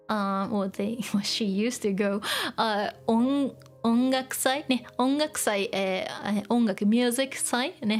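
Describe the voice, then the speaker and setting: In a casual Japanese lesson, a woman with a slightly high voice chats loosely, drifting between English and Japanese with lots of fillers and little laughs.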